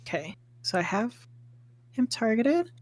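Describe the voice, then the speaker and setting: A woman's voice: fairly high pitch, sing-song, a little slow, slight background noise. A woman playing a tabletop game, casually thinking aloud through her turn with fillers. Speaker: player.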